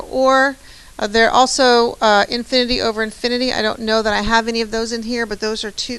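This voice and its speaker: A woman math teacher gives a chatty, encouraging classroom lecture, frequently checking in with "right?". Her voice is on the high side, a bit bright, clear, and resonant, though the recording is rough.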